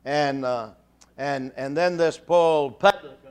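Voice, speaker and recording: This older man's sermon is full of halting restarts and repeated words that build toward fervent calls to the congregation. His voice is smooth and fairly high-pitched.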